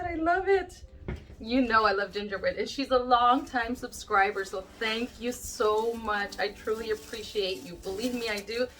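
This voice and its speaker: A woman's voice: mid-range voice, a bit bright. A woman vlogging as she opens mail from viewers, gushing and exclaiming, teary-eyed and close to crying. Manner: gushing, exclaims and gasps often. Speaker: YouTube crafter opening friend mail. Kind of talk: casual vlog chat.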